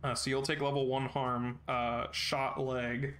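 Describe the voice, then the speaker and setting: A man narrating a tabletop game as game master in a relaxed, steady way with frequent fillers. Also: medium pitch, measured pace, roomy sound, slight background noise.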